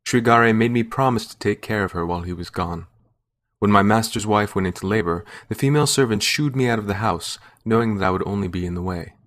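A man reading a first-person short story aloud in a measured storytelling manner. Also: on the low side, a bit bright. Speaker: narrator. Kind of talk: scripted narration.

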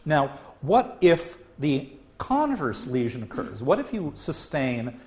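A man giving a public science lecture as a professor, talking in an animated way with frequent filler "uh". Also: on the high side, takes it slowly. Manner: lively, animated delivery, acts out quoted voices.

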